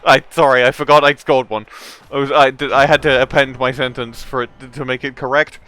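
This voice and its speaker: A man's voice: mid-range voice, flat delivery, brisk, bright, forceful tone, clean tone. A man chatting casually while playing a tabletop sports game with friends, talking through his own moves in a playful way.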